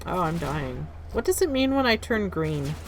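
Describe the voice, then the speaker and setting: A woman in her thirties, live-streaming a game and chatting in a casual, animated way that reacts loudly to the game. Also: on the low side, moderate pace, very noisy.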